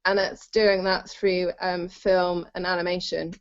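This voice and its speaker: A woman's voice: fairly low pitch, flat delivery, measured pace, clean tone. A woman from the UK, a guest on a conference call, explaining her project at length in a chatty way. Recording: muffled call audio.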